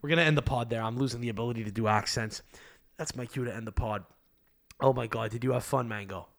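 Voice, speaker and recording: A man's voice: mid-range voice, fast talker, vocal fry. A young man hosting a podcast, ranting comedically with lots of swearing and laughter. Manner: profane, laughing, rambling. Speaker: podcast host. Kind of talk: casual comedic rant.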